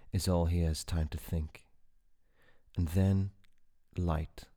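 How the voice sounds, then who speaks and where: Man, audiobook narrator, low voice, slow unhurried reading, measured. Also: little pitch movement, warm tone.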